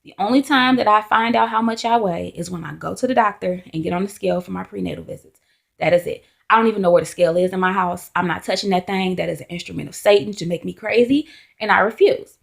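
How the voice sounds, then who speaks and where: A young adult woman vlogging in casual chat to camera, telling stories in a chatty, animated way with candid asides. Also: mid-range voice, quick pace, gravelly.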